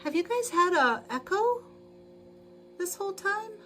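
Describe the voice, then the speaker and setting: Her voice is extremely high, bright and forceful, very animated yet unhurried. As host of a casual sewing livestream, she talks to viewers and narrates each step, laughing frequently. The noisy stream audio picks up her sewing machine.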